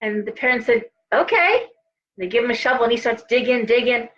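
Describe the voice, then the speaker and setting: A woman's voice: a little high, little pitch movement, fast, a bit bright, highs cut off. A tired middle-aged woman hosting a live tarot reading, talking in a chatty, rambling way with many restarts and asides. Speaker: host and tarot reader.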